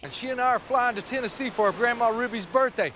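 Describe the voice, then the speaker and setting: An actor playing a firm, teasing country father in a film, with a dry, steady delivery. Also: extremely high pitch, fast, a little hiss or hum.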